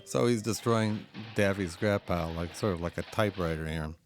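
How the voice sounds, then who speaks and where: Deep-voiced male commentator, enthusiastic and anecdotal, laughing between remarks. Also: a little fast, faint music behind. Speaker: film commentator. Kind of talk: audio commentary on a cartoon.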